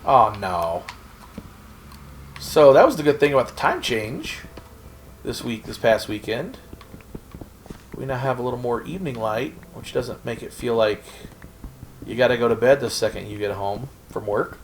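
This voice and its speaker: A man's voice: medium pitch, animated, normal speed, long pauses, a little hiss or hum. A man from Oklahoma chatting casually and rambling in a goofy way while he plays a game on stream. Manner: rambling, goofy, self-talk while playing. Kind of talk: casual gameplay chat.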